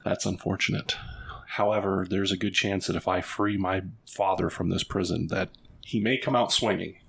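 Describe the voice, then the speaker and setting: A man playing a tabletop game, thinking aloud in halting bursts. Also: deep voice, fairly even intonation, vocal fry, fairly bright tone, slightly rough, poor audio. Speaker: player.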